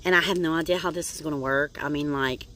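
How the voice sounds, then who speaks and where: A woman's voice: low-pitched, steady tone, fast talker, fairly bright tone. A middle-aged woman talking in a casual personal video diary, rambling and chatty with lots of "like" and "um" and calling her viewers "y'all". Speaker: vlogger.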